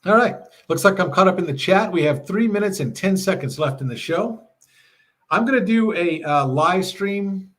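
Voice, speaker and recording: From his home RV, a middle-aged livestream host chats casually with his audience, reading their messages out loud and laughing frequently. His voice sits high and sounds animated and a bit bright, at a normal speed.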